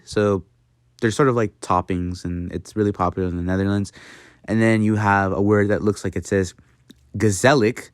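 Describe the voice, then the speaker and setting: A man's voice: on the low side, a bit bright, clear, resonant tone, no echo, studio quality. Playful man hosting a mock lesson. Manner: playful, talks to viewers as a class. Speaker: channel host teaching a mock language lesson. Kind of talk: jokey tutorial narration.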